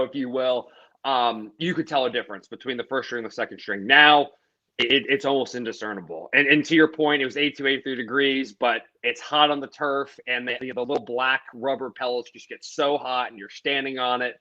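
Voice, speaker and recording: A man's voice: medium pitch, sharp tone, lo-fi sound. A man in his twenties co-hosting a casual chat, telling easygoing stories with the odd chuckle. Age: 20s. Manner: easygoing storyteller, chuckles while telling anecdotes. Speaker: co-host.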